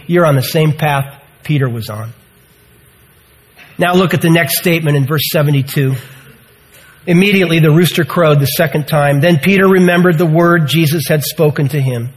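A man's voice: fairly high pitch, normal speed, low-quality recording. A man in his sixties preaching a sermon, earnest and emphatic, full of rhetorical questions. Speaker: pastor.

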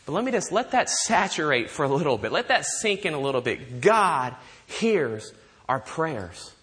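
High-voiced man preaching a lively sermon. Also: fast talker. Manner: animated preaching with rhetorical questions. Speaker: pastor.

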